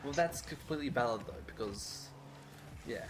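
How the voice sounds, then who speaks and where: A man's voice: medium pitch, expressive, normal speed, very noisy. A young man hosting a podcast, explaining things in a rambling, casual way with many restarts. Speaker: podcast host. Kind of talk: casual chat. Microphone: podcast microphone.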